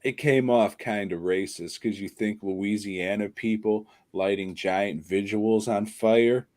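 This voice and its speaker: A man's voice: lowish voice, steady tone, unhurried, darkish tone, no echo. A man co-hosting a podcast, rambling and crude in casual chat about a movie. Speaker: podcast co-host.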